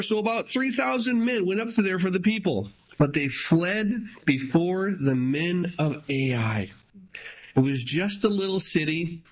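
A man preaching a sermon, reading scripture and retelling it in his own plain words, with emphatic swings between raised and hushed delivery. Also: fairly high pitch, highs cut off. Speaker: pastor.

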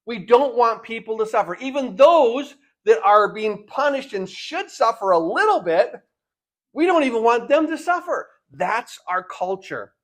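An older man with a high-pitched voice delivers a Sunday sermon. He leans on rhetorical questions and often repeats words as he goes. He slips into the voices of the people he quotes. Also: sing-song, unhurried. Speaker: pastor.

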